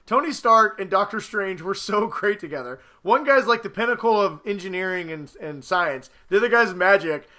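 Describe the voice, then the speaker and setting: A man with a high, bright voice gushes through a casual movie review. He talks excitedly, swears freely and slips into quick impressions of characters. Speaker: podcast co-host.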